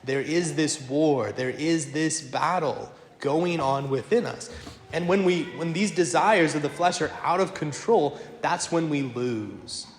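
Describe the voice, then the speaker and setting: Priest preaching, animated and wry, fairly high voice, echoey church. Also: male voice, slight background noise. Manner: animated, self-deprecating humor, quick asides. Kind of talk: lively sermon with storytelling. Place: large church.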